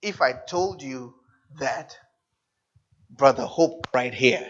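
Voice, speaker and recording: A preacher delivering a sermon dramatically, repeating and stretching key words, dropping to a hush and then rising to a shout, and often asking the congregation questions. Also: medium pitch, slow, pauses often. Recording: dull lo-fi sound.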